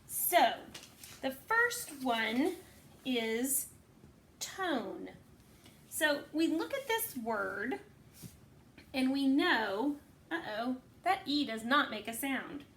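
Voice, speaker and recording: Slow, patient kindergarten teacher woman. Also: sits high, big pitch swings, fairly bright tone, slight background noise. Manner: slow, patient, sounds words out. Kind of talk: phonics lesson for young children.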